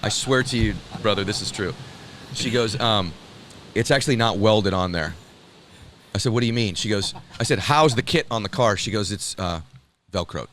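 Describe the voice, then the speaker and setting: A man telling a personal story in an animated, excited way, laughing and calling the listener brother and dude. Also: mid-range voice, moderate pace, long pauses, noisy background.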